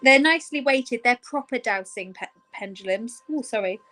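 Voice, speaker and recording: A woman's voice: on the high side, animated, a bit bright, soft background music. Chatty British woman hosting a sale. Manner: chatty, teasing, slows down to read out items. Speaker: crystal sale host. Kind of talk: casual live-stream sales chat.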